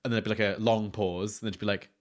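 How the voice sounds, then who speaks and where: A young man chats quickly on a podcast, his tone playful and teasing. He rattles through jokes and asides and laughs easily. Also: on the low side, level tone. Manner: playful, jokey, bursts into laughter. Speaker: podcast co-host. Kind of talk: casual podcast chat.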